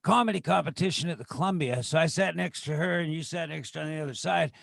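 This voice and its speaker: A man's voice: a little high, quick pace, gravelly, a bit bright. A man in a casual video-call chat, mostly chiming in with short agreements and laughs and sometimes adding a memory of his own.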